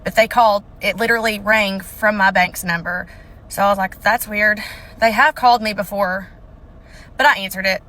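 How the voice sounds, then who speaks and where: Woman, casual storytelling, bright forceful voice, acts out the dialogue. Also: mid-range voice, moderate pace. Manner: animated, acts out the call in quoted voices. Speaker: scam call victim.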